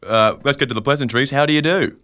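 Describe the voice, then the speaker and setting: A man hosting a radio show, teasing his guest in a deadpan joking way. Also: medium pitch, fast. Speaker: radio host.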